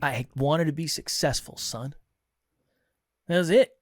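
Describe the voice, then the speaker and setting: A man's voice: on the high side, unhurried, no echo, clean studio sound. A young adult man from Massachusetts, co-hosting a podcast in casual chat and acting out dialogue as he tells a story. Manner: animated storyteller, acts out quoted dialogue. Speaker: podcast co-host.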